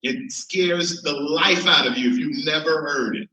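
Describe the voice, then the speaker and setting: Animated stand-up comic man, bright. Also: fairly high pitch, unhurried. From Chicago. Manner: animated, laughing at his own jokes. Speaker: stand-up comedian. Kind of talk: stand-up comedy. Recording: roomy, from far mic.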